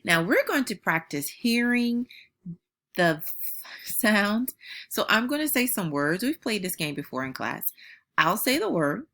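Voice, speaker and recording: Bright, lively woman teaching phonics. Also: medium pitch. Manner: slow, clearly modeled sounds with patient praise. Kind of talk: phonics lesson for young children.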